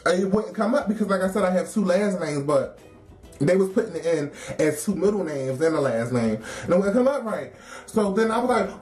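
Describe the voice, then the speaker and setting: A woman telling a story in a casual, animated, wry way, laughing often. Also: lowish voice, moderate pace. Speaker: storyteller in a documentary. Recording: roomy echo with faint music.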